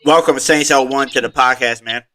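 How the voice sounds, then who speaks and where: A man's voice: medium pitch, steady tone, normal speed, sharp tone. A man co-hosting a casual sports podcast, laughing and teasing the others. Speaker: podcast co-host.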